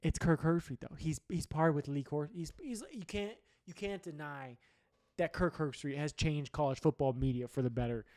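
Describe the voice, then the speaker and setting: A man's voice: a little high, moderate pace, darkish tone, no room sound, clean studio sound. A man hosting a sports show, giving blunt, profane opinions in a rambling solo rant. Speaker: sports podcast host.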